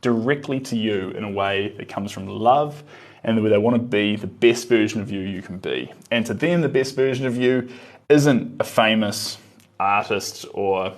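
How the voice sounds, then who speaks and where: A man streaming himself painting live, murmuring his brush moves to himself and answering chat in an easygoing, musing way. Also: on the low side.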